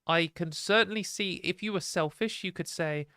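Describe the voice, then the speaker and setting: A British woman hosting a live stream, talking bluntly and opinionatedly in a casual ranting way, her voice a little hoarse. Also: on the low side, normal speed, a bit bright, dry recording, clean studio sound. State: hoarse from a fading voice.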